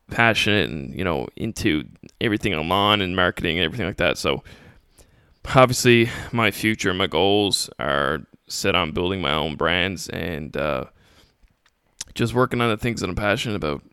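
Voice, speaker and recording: A man's voice: deep voice, vocal fry, fairly bright tone, smooth, no echo, studio quality. A young man hosting a solo podcast, answering listener questions in a casual, motivational way. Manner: casual, motivational, acts out mocking critics in quotes. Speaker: podcast host.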